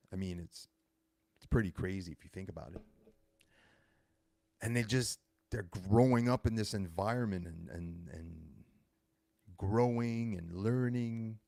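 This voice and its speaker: A host in his thirties gives a casual, meandering monologue, revising his own words as he goes. His voice sits on the lower side, warm and creaky. There is no room sound at all.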